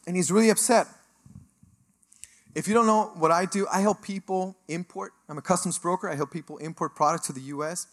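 High-voiced man preaching a lively testimony. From Mexico. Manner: animated storytelling, acting out quoted voices. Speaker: guest speaker sharing testimony. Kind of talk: sermon testimony.

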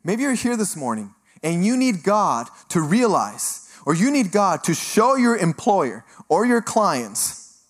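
A middle-aged man from Mexico giving a sermon testimony, telling his story with animated energy and acting out the voices he quotes. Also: high voice, a little slow. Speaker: guest speaker sharing testimony.

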